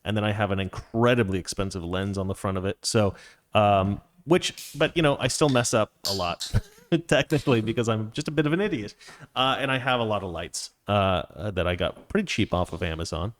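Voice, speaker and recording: A man's voice: fairly low pitch, brisk, slight background noise. A man hosting a casual live-stream Q&A, reading viewer comments aloud and answering in a conversational way, with frequent restarts and fillers.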